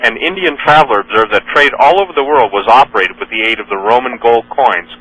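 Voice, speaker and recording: A man's voice: mid-range voice, a little fast, pushed and bright, low-quality recording. A man hosting a radio talk show, reading news items and quotes aloud in an earnest manner, often correcting himself mid-sentence. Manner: earnest, with frequent fillers and self-corrections.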